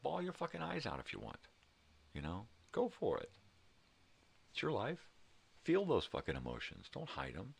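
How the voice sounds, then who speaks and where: A man's voice: medium pitch, wildly swooping pitch, normal speed, creaky. An older man talking in a rambling, profane monologue, emphatic and heartfelt, with many "you know"s. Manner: emotional, heartfelt. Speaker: vlogger. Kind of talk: casual monologue.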